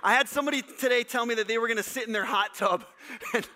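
A man from Wisconsin, a pastor preaching a casual sermon to a live congregation, joking and telling stories in an animated way. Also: very high voice, fast talker, slight background noise. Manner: jokey, animated, teasing the congregation. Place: church service before a live congregation.

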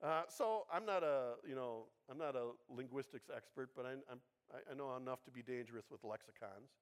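A man's voice: mid-range voice, a little fast, clean tone. A man giving a sermon in a casual, conversational way, with humorous asides and frequent rhetorical checks with his listeners. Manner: conversational, keeps asking the congregation "right?". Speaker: pastor.

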